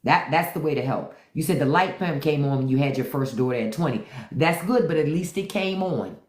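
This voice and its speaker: A middle-aged woman hosting a live stream, chatting with viewers in a blunt, profane, animated way. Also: sits low, fairly quick, reverberant.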